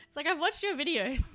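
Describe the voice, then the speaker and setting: A woman's voice: high-pitched, a bit bright. A young adult woman chatting casually on a live stream while she paints, rambling and laughing often.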